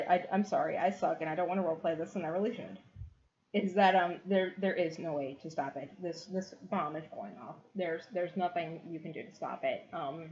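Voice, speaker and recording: A woman's voice: low voice, a little mellow, a little hiss or hum. A woman narrating as game master of a tabletop game, giggly and rambling with many fillers, on a dull lo-fi recording.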